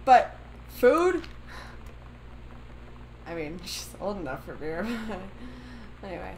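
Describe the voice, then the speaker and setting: A woman plays through a story game while doing let's play commentary, swearing heavily and ranting in exasperation. Her voice is on the low side, very animated yet slow, and the background is noisy.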